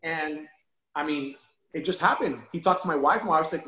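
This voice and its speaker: A man telling a personal story as an interview guest, animated and emotional, often repeating words as he restarts. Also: fairly high pitch, normal speed, echoey room, low-quality recording. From Miami area. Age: adult father of a young son.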